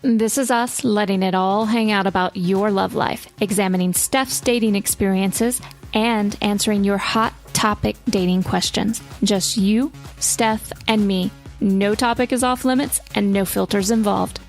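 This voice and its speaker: A woman's voice: mid-range voice, steady tone, unhurried, faint music behind. A woman co-hosting a podcast in casual chat, playful and teasing with her co-host.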